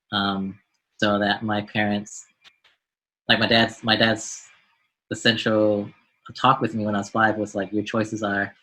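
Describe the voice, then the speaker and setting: A man's voice: lowish voice, pushed and bright, husky, rough recording. An American man, a doctor being interviewed on a podcast, speaking in a reflective way and often repeating words as he restarts. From United States. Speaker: guest, doctor and mentor.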